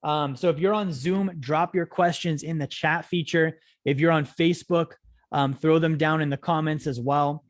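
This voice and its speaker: A steady, higher-pitched voice at a moderate pace, recorded dry with clean studio sound, belongs to a young financial education course host. In his live-streamed teaching talk, he keeps asking "right?" and "okay?" energetically to rally viewers.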